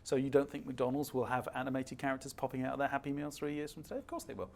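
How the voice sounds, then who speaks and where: A man's voice: medium pitch, steady tone, racing, gravelly, darkish tone. An older man, a guest speaker at a fireside chat, telling stories emphatically and acting out the dialogue.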